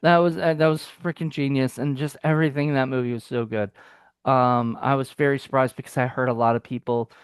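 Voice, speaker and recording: A man's voice: mid-range voice, fairly even intonation, a little fast, slight background noise. A man co-hosting a film review chat, talking casually and rambling with many fillers and restarts.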